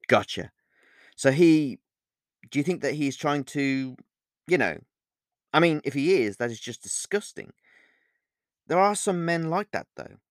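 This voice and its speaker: A man's voice: fairly high pitch, animated, measured pace, pauses often, dry recording, studio quality. A man reading an audiobook, voicing a curious, outspoken young woman who asks frank, probing questions.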